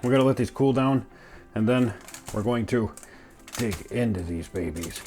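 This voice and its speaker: A man hosts a casual home cooking channel, his mid-range voice darkish in tone and at a normal pace, with soft music behind him. While baking and eating he jokes around, talks to himself, and chews as he speaks.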